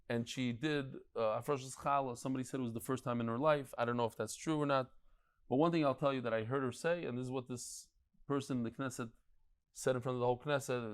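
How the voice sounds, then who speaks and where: A man giving a lively, storytelling class as a rabbi, full of anecdotes and stammered restarts. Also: mid-range voice, clean tone. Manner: animated, digressive, tells anecdotes and stories; frequent restarts and stammered repeats. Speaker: rabbi teaching a daily Talmud class.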